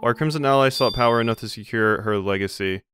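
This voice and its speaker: A man's voice: mid-range voice, fast. A man giving casual let's play commentary, musing and reading game text aloud. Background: game music.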